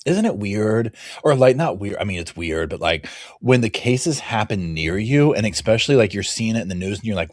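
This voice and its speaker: A man hosting a casual true crime livestream from home, rambling and animated, reading viewer comments and acting out quotes in a raised voice. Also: on the low side, moderate pace, hardly any pauses, no room sound, clean studio sound. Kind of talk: casual live chat reacting to viewers. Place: home, dogs barking nearby.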